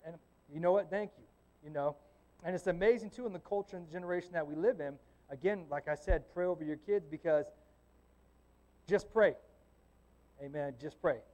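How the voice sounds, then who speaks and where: A high-pitched man delivers a relaxed sermon in a church. He tells stories with joking asides and keeps checking in with the congregation. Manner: chatty, joking asides, frequent "amen?". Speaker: lay preacher. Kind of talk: conversational sermon.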